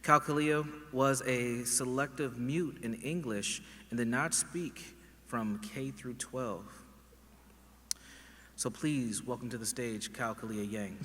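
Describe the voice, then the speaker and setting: A man's voice: mid-range voice, slow, a bit bright. A man emceeing a conference, introducing the next speaker in an upbeat, lightly joking way. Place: conference hall. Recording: reverberant conference hall.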